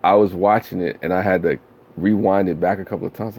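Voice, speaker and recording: A man's voice: deep voice, fairly even intonation, a little fast, darkish tone, slight background noise. A man chatting casually with viewers on a live stream, laid-back and slangy, rambling with lots of fillers.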